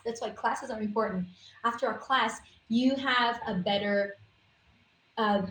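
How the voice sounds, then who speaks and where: A woman's voice: on the high side, a bit bright, echoey room, slight background noise, low-quality recording. A woman on a casual livestream, explaining essential oils in a persuasive, emphatic, informal way.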